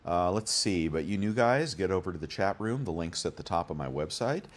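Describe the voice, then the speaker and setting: A very deep male voice, rambling and chatty as he works through prices out loud. He hosts his own deals channel and fills the gaps with ums and uhs. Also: animated, fairly quick. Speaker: bullion deals channel host. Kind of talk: casual screen-share commentary.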